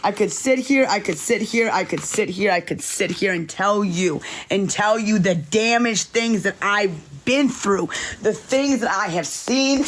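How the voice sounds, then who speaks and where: A woman's voice: mid-range voice, a little slow. A woman telling her life story in an emotional, confessional monologue, repeating herself and pleading as she goes. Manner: repetitive, pleading, emphatic. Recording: noisy background with passing vehicles.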